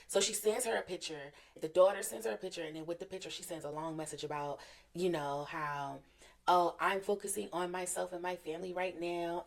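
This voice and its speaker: A podcast co-host in casual conversation, a woman with a somewhat low voice. She tells a story with great energy and acts out everyone's lines in it. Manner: animated storyteller, acting out the people in her stories. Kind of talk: casual chat.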